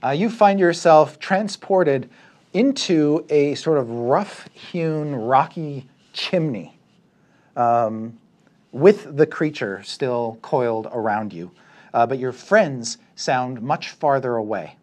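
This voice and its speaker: A man running a tabletop game as dungeon master, narrating the scene with lively asides to the players. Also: mid-range voice, slow pace.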